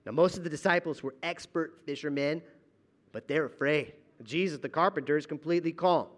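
Man, pastor, sermon, fairly high voice, dramatic swings loud to hushed, church auditorium. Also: brisk.

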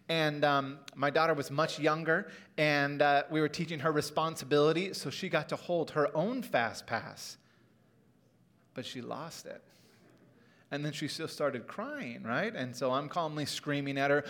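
A middle-aged pastor giving a sermon in a church auditorium, telling a humorous story in a conversational way. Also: male voice, on the high side, moderate pace, a bit bright.

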